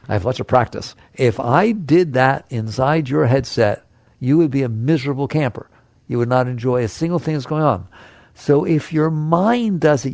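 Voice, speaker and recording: A man's voice: medium pitch, vocal fry, darkish tone, no echo. A man giving a conversational spiritual talk to a live audience. He asks the listeners questions and playfully acts out the chatter of the mind. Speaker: spiritual teacher.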